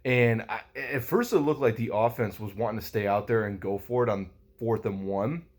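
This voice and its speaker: A man's voice: fairly low pitch, moderate pace. A young man recapping a football game in a rambling, casual vlog, swearing a lot and using many fillers. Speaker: sports vlogger.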